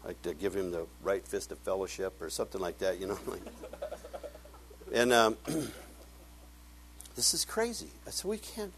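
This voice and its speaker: Animated man preaching a story. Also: low voice, unhurried, long pauses, background noise. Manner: animated, acts out conversations, laughs often. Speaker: pastor. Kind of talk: sermon storytelling.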